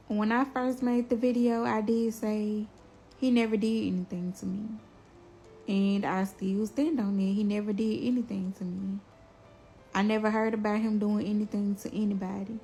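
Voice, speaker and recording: A woman's voice: mid-range voice, mellow. A woman, talking straight to her viewers about her own family in an impassioned, defensive way. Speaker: mother telling her story. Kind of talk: emotional direct-to-camera talk.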